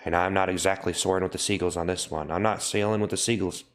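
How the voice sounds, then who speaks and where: A man hosting a livestream, repeating a deadpan mock confession over and over. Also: low-pitched, fast talker. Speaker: livestream host. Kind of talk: mock-solemn livestream apology.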